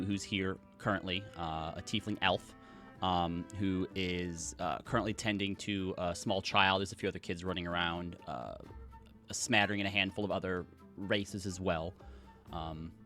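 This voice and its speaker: A man's voice: deep voice, fairly bright tone. A man narrating as dungeon master, rambling with many fillers. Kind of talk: narrating a tabletop game.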